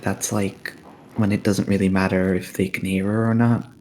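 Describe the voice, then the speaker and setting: A man's voice: deep voice, little pitch movement, normal speed, darkish tone, a little hiss or hum, poor audio. A man playing a tabletop game, teasing and playful in character talk. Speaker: player. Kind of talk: tabletop role-play.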